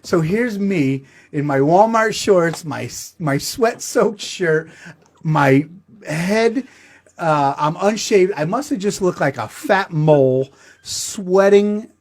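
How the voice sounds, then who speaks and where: Middle-aged male host, slightly high voice, crude self-mocking comic storyteller. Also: expressive, slow pace. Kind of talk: comedic storytelling.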